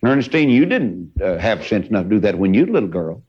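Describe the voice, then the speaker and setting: A man's voice: fairly low pitch, big pitch swings, fast talker, slightly rough. A man preaching a sermon in a fervent, folksy way, with sudden rises in his voice. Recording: dull lo-fi recording.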